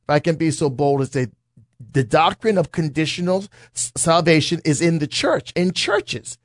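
A man who is a pastor, speaking in a conversational Bible teaching talk, forceful and repetitive, building his points as lists. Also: on the high side, expressive, moderate pace, dry recording.

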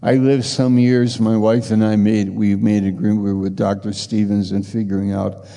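A man's voice: lowish voice, level tone, moderate pace, gravelly, mellow. A man in his sixties preaching a sermon with a personal testimony, earnest and conversational, repeating his phrases. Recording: long reverb of a large hall.

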